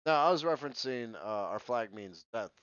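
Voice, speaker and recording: A man's voice: mid-range voice, expressive, fairly bright tone, smooth, no echo, dull audio. A man co-hosting a comedy history podcast, cracking jokes and pop-culture references in casual chat. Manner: joking, quick with references and bits. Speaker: podcast co-host.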